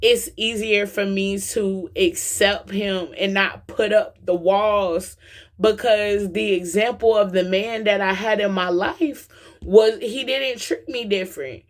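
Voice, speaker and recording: A woman's voice: mid-range voice, steady tone, slow pace. A young woman from the American South giving an impassioned, slangy personal testimony as a vlogger, preaching directly to her viewers. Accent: Southern US, Atlanta.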